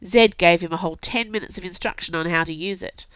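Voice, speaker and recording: A woman's voice: on the low side, fast, fairly bright tone, clean tone, no echo. Woman narrating a story, dry sound. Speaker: audiobook narrator. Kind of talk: scripted narration. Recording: dull dry recording.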